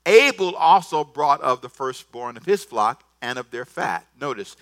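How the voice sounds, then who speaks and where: A man preaching a sermon, swinging from soft asides to loud bursts and acting out the scripture dialogue. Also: mid-range voice, expressive, measured pace. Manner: repeats words, acts out scripture dialogue. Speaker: pastor.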